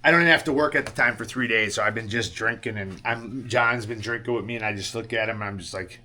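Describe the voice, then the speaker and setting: A fast-talking man with a low, pushed and bright voice tells a meandering, casual story. He swears a lot and keeps tossing in "right?" to check on the listener, all with a sheepish, rueful tone.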